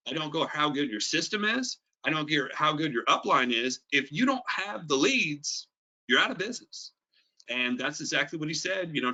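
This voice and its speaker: A man's voice: a little high, bright, forceful tone. A middle-aged man giving a conversational, emphatic business presentation on a video call, repeating his key points. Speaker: network marketing presenter. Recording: dull lo-fi video call audio.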